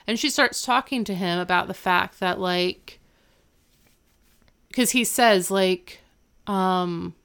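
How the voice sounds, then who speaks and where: A woman's voice: on the low side, takes it slowly, creaky, pauses often, a bit bright, clean tone. A woman in casual chat, recapping a TV episode with lots of "like" and acting out the characters' lines. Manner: chatty, peppered with "like", acts out the characters' lines.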